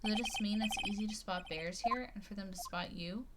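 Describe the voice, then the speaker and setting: A woman reading a game's inner monologue aloud in a wry, deadpan way. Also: mid-range voice, fairly quick, very noisy. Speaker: let's-play narrator. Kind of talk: reading game dialogue aloud.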